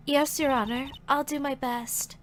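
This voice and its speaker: A woman's voice: high voice, steady tone, unhurried, a little hiss or hum. A woman voicing a timid young female college student witness, reading game dialogue in a hesitant, apologetic way. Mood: earnest. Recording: game music behind.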